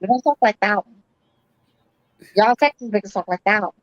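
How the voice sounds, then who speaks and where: A woman's voice: mid-range voice, normal speed, no room sound. A woman from Chicago with a Chicago accent, talking bluntly and profanely in a casual podcast chat. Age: older. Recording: dry, dull lo-fi sound.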